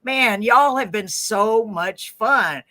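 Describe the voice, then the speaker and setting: An older woman hosting a casual live podcast chat, talkative and quick to laugh. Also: fairly high pitch. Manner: chatty, laughing, animated. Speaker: podcast host.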